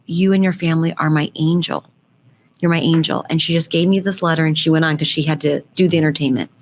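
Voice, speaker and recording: A woman's voice: low voice, steady tone, fast. A woman guest on an interview podcast, telling a personal story in an earnest, heartfelt way with faith references. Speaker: guest, business founder and CEO.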